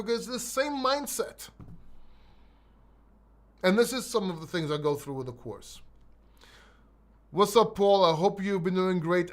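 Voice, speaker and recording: A man's voice: sits high, fairly bright tone. A man with a mixed London and Greek accent hosting a live crypto Q&A. He answers chat questions bluntly and emphatically, swears, and often repeats himself or restarts. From born in London, raised in Greece. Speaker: crypto livestream host.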